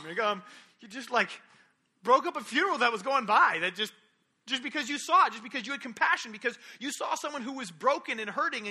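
A man's voice: extremely high pitch, pushed and bright. A young man preaching a sermon, retelling stories animatedly and acting out the quotes.

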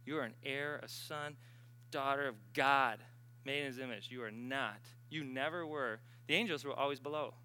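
A man preaching a sermon in a conversational, emphatic way, swinging between loud and hushed and acting out the voices he quotes. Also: medium pitch, normal speed, clean tone. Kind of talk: sermon with storytelling.

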